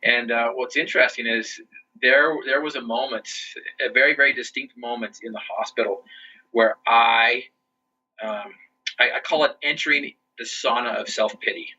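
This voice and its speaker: A man recounting his life on a podcast interview, earnest and unpolished, restarting his phrases often. His voice is very bright but husky. The audio sounds muffled and lo-fi. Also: medium pitch, fairly even intonation, moderate pace. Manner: earnest, with frequent restarts and "you know". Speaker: interview guest.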